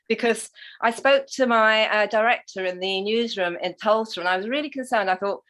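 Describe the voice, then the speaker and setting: A woman's voice: medium pitch, fairly quick, a bit bright. Chatty middle-aged Englishwoman on a video call. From England. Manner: chatty, upbeat, says "honey" often. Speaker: guest on a livestream. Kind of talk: casual interview chat.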